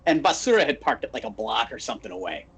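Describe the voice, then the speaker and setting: A man's voice: mid-range voice, fast, husky. A man from Phoenix, Arizona, co-hosting a podcast and telling stories in casual chat, acting out the quotes as he goes. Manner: animated storyteller acting out quotes. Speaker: podcast co-host.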